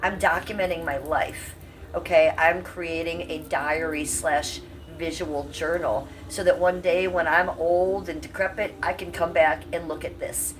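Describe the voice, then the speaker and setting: Talking straight to her chat, this salty, talkative woman in her fifties from Cleveland keeps her livestream casual, with an occasional cough. She speaks a little slowly in a fairly low voice with fairly even intonation. The low-quality recording catches her off-mic and distant, over a faint room hum.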